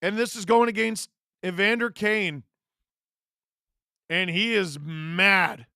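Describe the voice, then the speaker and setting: High, bright-voiced excitable man. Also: takes it slowly, clean tone, dry recording, studio quality. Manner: excitable, bursts into shouts on big plays. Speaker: host of a live watch-along stream. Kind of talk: excited live play-by-play commentary.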